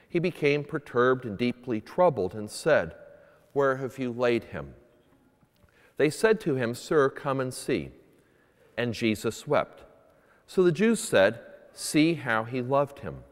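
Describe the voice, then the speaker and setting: Priest in an echoey church. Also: male voice, mid-range voice, lively intonation, takes it slowly. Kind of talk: gospel reading and homily. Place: church at Sunday mass. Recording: echoey church with long reverb.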